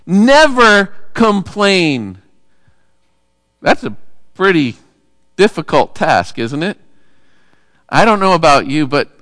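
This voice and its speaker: A man, a pastor, preaching a sermon in a relaxed, conversational way and asking the congregation rhetorical questions. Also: medium pitch, dry recording, clean studio sound, in a large hall.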